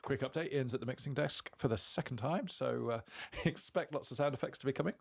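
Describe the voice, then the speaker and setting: A man from England hosting a casual podcast chat, easygoing and rambling, with frequent ums and quick laughs. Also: mid-range voice, creaky, slight background noise. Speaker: podcast host.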